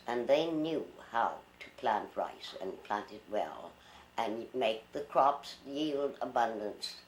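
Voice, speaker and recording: A man speaking with proud emphasis about his community's history. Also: fairly low pitch. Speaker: interviewee. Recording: roomy with faint noise.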